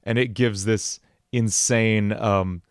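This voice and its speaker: A man's voice: lowish voice, fairly even intonation, slow pace, no echo. A man hosting a casual music livestream, talking in a rambling way with many fillers and laughing easily.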